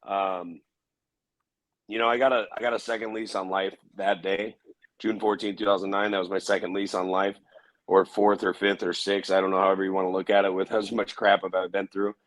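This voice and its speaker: A man telling a personal story in an interview, halting with restarts and fillers. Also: deep voice, level tone, no echo, rough recording. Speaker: interview guest.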